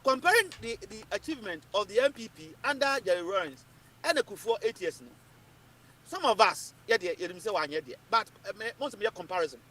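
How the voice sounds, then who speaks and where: A Ghanaian man giving animated political commentary, emphatic and repetitive, switching between English and Twi. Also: high-pitched, fairly quick.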